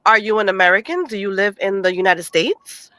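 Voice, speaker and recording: A woman's voice: medium pitch, animated, brisk, sharp tone, dry recording, poor audio. A woman from Puerto Rico calling into a casual chat, stuffy from a cold and insistent, often repeating herself as she argues. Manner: insistent, talks over others, repeats words. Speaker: caller joining a live chat.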